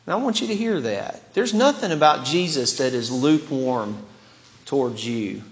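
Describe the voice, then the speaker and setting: A man's voice: medium pitch, lively intonation, normal speed, long reverb tail. A man preaching a sermon as pastor in a church, earnest and often restarting his words. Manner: earnest, with frequent word restarts.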